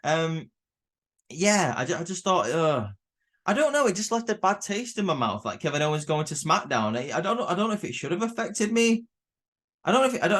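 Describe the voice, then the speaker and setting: A man's voice: fairly high pitch, fairly bright tone. A young man giving a casual spoken review of a wrestling show, rambling and often stammering and restarting his sentences.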